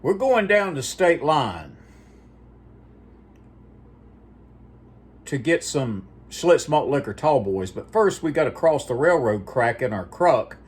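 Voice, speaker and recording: A man imitating an acquaintance who turns every T sound into a C, in a slow, drawn-out, mocking delivery. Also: medium pitch, sing-song, slightly rough.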